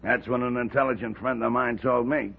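An actor playing a friendly, chatty man in an old radio drama, with a gravelly, raspy voice. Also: medium pitch, steady tone, fairly quick, phone-quality sound.

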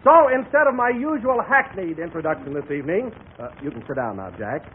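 Brief: male announcer, formal and booming, high lively voice, tinny vintage broadcast. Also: a little fast, slight background noise. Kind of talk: radio show announcing and comedy banter. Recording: tinny old radio broadcast.

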